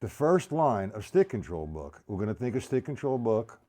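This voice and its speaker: A man's voice: fairly low pitch, very animated, moderate pace, warm tone. An older man teaching a live-streamed drum lesson, talking to viewers in the chat by name and explaining each exercise. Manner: talks to chat viewers by name, counts beats aloud. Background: drum kit.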